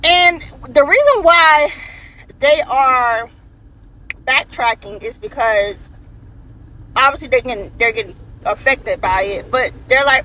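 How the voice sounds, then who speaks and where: A woman's voice: sits high, animated, takes it slowly, long pauses, bright, forceful tone, slight background noise, rough recording. A woman giving an opinion rant to camera, emphatic and repeating her points. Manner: emphatic and repetitive.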